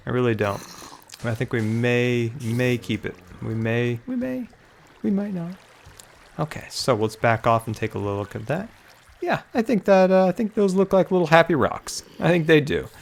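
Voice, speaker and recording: Brief: young adult man, gravelly, mid-pitched, laid-back, thinks aloud while building in a game, repeats himself, slightly winded. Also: slight background noise. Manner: chatty, musing aloud, repeats phrases, chuckles. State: a little out of breath. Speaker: Minecraft YouTuber. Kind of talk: casual gameplay tutorial commentary.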